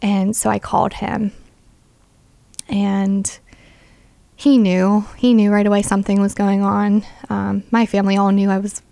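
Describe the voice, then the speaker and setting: A woman's voice: mid-range voice, flat delivery, unhurried, vocal fry, pauses often, mellow, clean tone, no echo. A young adult woman sharing a personal faith testimony as an interview guest, earnest and full of "like" fillers.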